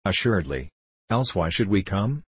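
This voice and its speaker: A man voicing a cheeky, quick-witted street boy in an audiobook, speaking bold and merry. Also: deep voice, big pitch swings, breathy edge, no room sound, full character voice. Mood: brash.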